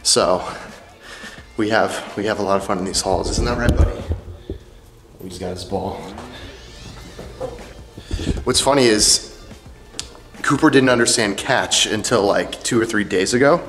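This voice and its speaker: A man's voice: lowish voice, unhurried, pauses often. A young man talking casually to camera in a rambling, chatty way, full of "like" and "um". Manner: rambling, chatty, says "like" and "um" a lot. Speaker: fitness vlogger. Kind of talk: casual vlog talk to camera. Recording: echoey room with faint background music.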